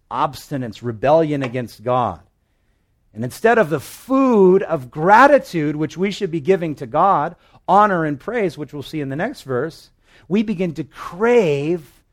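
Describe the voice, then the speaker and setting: A pastor preaching a conversational sermon full of vivid illustrations, swinging between loud emphatic phrases and quiet asides. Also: male voice, mid-range voice.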